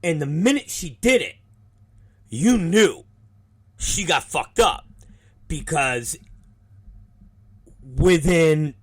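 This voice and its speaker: Animated, profane male show host. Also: fairly high pitch, slow pace, pauses often, slightly rough. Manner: animated, profane, acts out the people in his stories. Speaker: show host, wrestling promoter. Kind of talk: casual storytelling.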